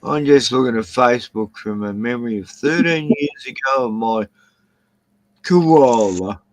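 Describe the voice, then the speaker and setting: A man's voice: medium pitch, measured pace, poor audio. A man hosting a late-night livestream chat, rambling, swearing and getting worked up as he talks. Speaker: livestream host.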